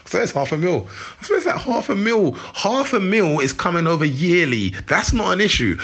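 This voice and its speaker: A man in his forties with a London accent speaks heatedly in street slang as a guest in a candid interview, quick to laugh. His voice is high-pitched and a bit bright, with big swings in pitch.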